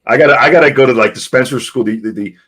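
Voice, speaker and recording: A man's voice: medium pitch, fast, a bit bright, slightly rough. A man from New England in casual conversation, rambling and repeating words as he talks. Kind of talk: casual live-stream chat.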